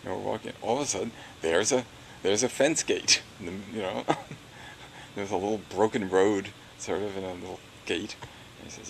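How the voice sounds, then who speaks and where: A man's voice: lowish voice, normal speed, gravelly, a little hiss or hum, low-quality recording. An older man recounting his past in an oral history interview, rambling and chuckling, with many "you know"s.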